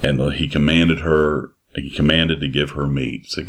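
A man preaching a sermon in a slow, emphatic way, repeating his phrases. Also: extremely low pitch, fairly even intonation, a bit bright.

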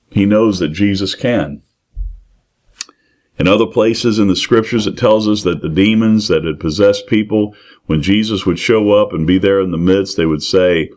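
A man with a very low, deep voice preaches verse by verse through a scripture passage. His delivery is earnest and plain-spoken, and he often restarts a phrase or repeats words as he explains each line. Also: darkish tone. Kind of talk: expository sermon reading and explaining scripture.

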